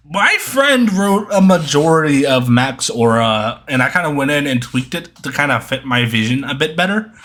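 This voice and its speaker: A man's voice: medium pitch, a bit bright. A young man answering viewer questions in a casual, rambling monologue, full of ums and self-corrections.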